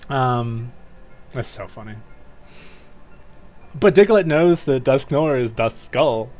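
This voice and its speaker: A man streaming a game, commenting excitedly and laughing often. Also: mid-range voice, takes it slowly, pauses often. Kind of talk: let's play commentary. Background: game music.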